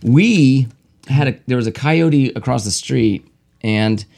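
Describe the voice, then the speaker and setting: A man's voice: mid-range voice, slow pace, gravelly, a little mellow. A man hosting a casual drinking podcast, rambling through stories and laughing often. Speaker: podcast host.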